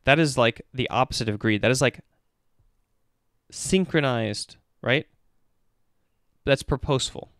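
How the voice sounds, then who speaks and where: A man who works as an esports performance coach gives casual, animated commentary as he breaks down a game replay step by step. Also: medium pitch, unhurried, pauses often, no echo, clean studio sound.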